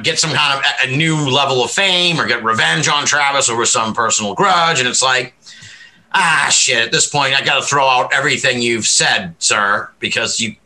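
A man talking in a rambling, animated podcast discussion, swearing freely and laughing often. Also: mid-range voice, low-quality recording. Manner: many fillers and restarts, laughs often.

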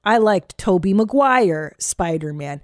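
A woman's voice: medium pitch, lively intonation, unhurried, no room sound. A woman stand-up comedian hosting a podcast in a studio booth, chatting casually in a frank, profane, rambling way.

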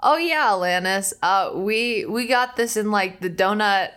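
Animated woman telling stories with a laugh. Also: medium pitch, a little slow. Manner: animated storyteller, laughs often, acts out quotes. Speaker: podcast co-host. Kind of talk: casual chat, storytelling.

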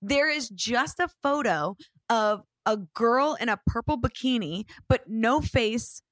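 A woman in her thirties casually telling an animated story, swearing now and then and acting out what people said. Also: fairly high pitch, slow, dry recording, clean studio sound.

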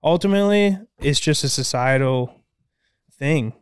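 A man's voice: fairly high pitch, animated, measured pace, clean tone, no echo, studio quality. A young man, co-hosting a casual chat, telling stories with laughs and casual swearing. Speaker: podcast co-host.

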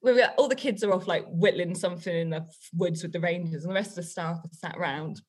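Woman, lively storyteller, laughs often, casual podcast chat. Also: lowish voice, quick pace, husky. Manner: chatty, animated, laughing often. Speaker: guest author and teacher.

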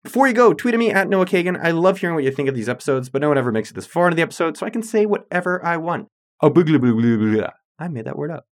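A man's voice: fairly high pitch, sing-song, racing, few pauses, no echo, clean studio sound. A man hosting his own podcast, talking in an upbeat, playful, salesy way. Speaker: podcast host. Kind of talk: energetic solo podcast talk.

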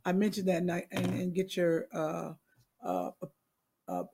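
A woman's voice: lowish voice, sing-song, normal speed, dark tone, breathy edge. A woman co-hosting a casual podcast chat, sometimes hesitant and searching for her words. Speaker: podcast co-host.

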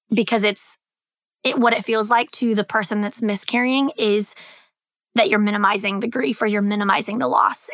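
A woman's voice: mid-range voice, bright, forceful tone, no echo. A young woman hosting a podcast alone, talking candidly in a loose, chatty way full of "like" and "um". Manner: candid, chatty, filler-heavy. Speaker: podcast host. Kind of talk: solo podcast talk.

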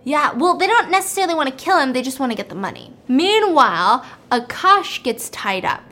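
A young woman with a high, light voice tells a film's plot in an animated, casual way. She jumps into the characters' lines with little put-on voices and sinks to a hushed whisper for the threatening parts. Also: brisk. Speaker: storyteller recapping a film plot.

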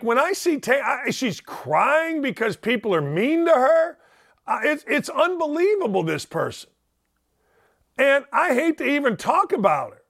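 A man's voice: sits high, fairly bright tone. A middle-aged man hosting a sports talk radio show, delivering a blunt, sarcastic, opinionated monologue.

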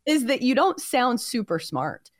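Lively Southern woman co-host. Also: fairly high pitch, measured pace, dry recording, clean studio sound. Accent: light Southern American. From American South. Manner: animated, chatty, questioning. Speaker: co-host, journalist. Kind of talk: casual chat.

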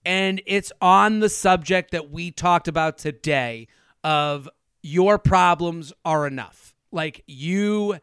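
A man's voice: fairly high pitch, slow, fairly bright tone, clear, resonant tone, no room sound, studio quality. A man who is a comedian guest, telling casual stories in a rambling, self-interrupting way and laughing often. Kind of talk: casual storytelling.

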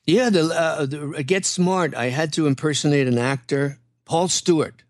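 A man's voice: a little high, fairly even intonation, moderate pace, dry recording, studio quality. An older man, a comedian guest, telling rambling anecdotes in casual chat, full of fillers and restarts.

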